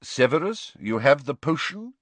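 A man voicing an old male wizard who asks questions quietly and softly. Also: a little high, big pitch swings, normal speed, dry recording, pitched above the performer's own voice. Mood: calm. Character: old male wizard headmaster, calm and gentle.

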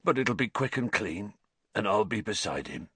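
A man voicing a huge, gentle groundskeeper who is grieving and shaken, halting and subdued. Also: lowish voice, big pitch swings, breathy edge, no echo, full character voice. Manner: halting and subdued, stumbling over words.

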